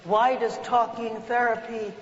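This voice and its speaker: A woman giving a workshop lecture, telling stories with lively chants and voices. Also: a little high, a little slow, noisy background. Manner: animated storytelling, breaks into chants and voices. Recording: echoey hall, dull lo-fi sound.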